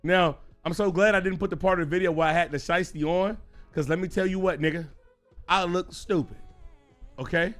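A young man streaming, telling a story in an animated, profane, excitable way. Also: high-pitched, a little fast, soft background music. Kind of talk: casual livestream story time.

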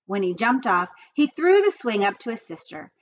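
A woman reading a children's book aloud in an expressive storytelling manner. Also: fairly high pitch, normal speed, highs cut off. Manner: lively, expressive reading with character voices.

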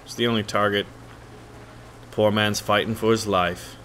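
A man hosting his gaming channel, giving casual, joking, excitable gameplay commentary. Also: lowish voice, moderate pace, slight background noise.

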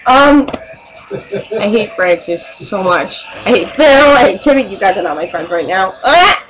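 A woman's voice: mid-range voice, expressive, moderate pace, fairly bright tone, poor audio. A young woman vlogging to a webcam, laughing and scolding her friends in the room. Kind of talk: casual chat to camera. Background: music playing.

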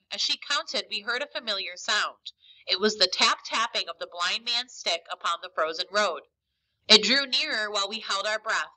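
A woman's voice: medium pitch, sharp tone, low-quality recording. A woman teacher reading a story aloud expressively for a lesson.

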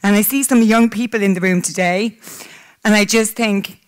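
A woman's voice: medium pitch, fairly even intonation, normal speed, clear, resonant tone. Woman, 30s, heartfelt speaker at a live talk, tearful edge. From Ireland. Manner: candid, emotional, breaks into laughter. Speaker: public speaker. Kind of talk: personal talk to a live audience. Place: conference hall.

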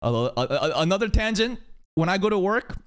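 Animated, foul-mouthed male anime reactor. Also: sits high, fairly quick, a crowd in the background. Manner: profane, rambling tangents, animated storytelling. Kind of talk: casual reaction commentary.

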